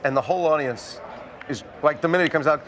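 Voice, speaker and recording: A man at a poker table telling a lively story about a comedy show and acting out the quotes. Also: on the high side, fast talker. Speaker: celebrity poker player. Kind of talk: animated storytelling.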